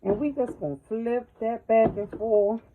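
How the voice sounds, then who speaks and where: Speaking unhurriedly in a steady, somewhat high voice, a woman leads a casual home cooking lesson from her kitchen. She's chatty and folksy, calling viewers y'all and baby, and the camera mic catches her as she moves, with dull lo-fi sound and faint noise.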